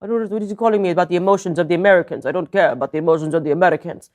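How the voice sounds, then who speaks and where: A woman voicing a gruff male Russian leader on the phone in a deliberately bad fake Russian accent, pitched lower than her own voice. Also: darkish tone, natural voice. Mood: irritated.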